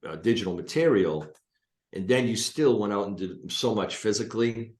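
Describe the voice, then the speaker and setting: A man's voice: on the low side, normal speed, a little mellow, reverberant. A male hypnotist and coach, a guest talking on a video call from his office, explaining things emphatically with blunt asides. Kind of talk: casual spoken teaching.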